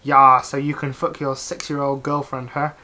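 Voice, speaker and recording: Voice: medium pitch, level tone, moderate pace, pushed and bright, lightly acted. A reader voicing an angsty gothic teenage girl who snarls her lines in over-the-top anger. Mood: snarky.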